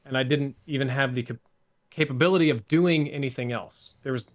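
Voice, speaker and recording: A man's voice: mid-range voice, fairly quick. Articulate man with a trained voice. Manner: articulate, trained speaking voice, dry wit. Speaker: guest, gaming content creator. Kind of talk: casual interview storytelling.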